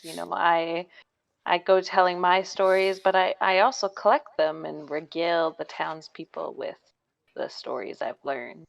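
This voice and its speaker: A woman's voice: lowish voice, creaky, highs cut off. A woman voicing a charming, eccentric male storyteller who spins rambling tales with theatrical flair. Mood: friendly.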